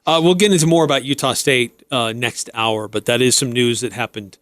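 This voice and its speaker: Male radio co-host, measured and even, mid-range voice, dry booth sound. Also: medium pitch, no room sound. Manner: measured, plugs the station's schedule. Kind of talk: casual sports talk.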